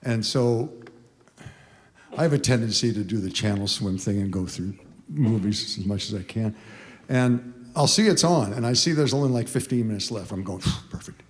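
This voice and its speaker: Older man, halting story in a reverberant hall. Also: on the low side, darkish tone. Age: around 80. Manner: halting, emotional, many restarts and fillers. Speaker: singer telling a story on stage. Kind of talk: rambling spoken stage story between songs. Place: concert hall. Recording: long reverb of a concert hall.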